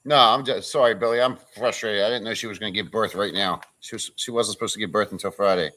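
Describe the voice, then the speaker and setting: A man's voice: on the low side, steady tone, fast, pushed and bright. A man chatting casually on a live stream, joking crudely and reading out viewers' names. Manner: crude joking, reads chat names aloud. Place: farm pen with a pig.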